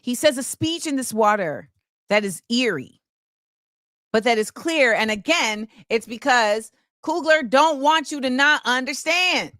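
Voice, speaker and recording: A woman's voice: sits high, animated, unhurried, a bit bright, no echo, clean studio sound. A woman hosting her own show, delivering an impassioned film commentary monologue and repeating key phrases for emphasis. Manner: opinionated and impassioned. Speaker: show host.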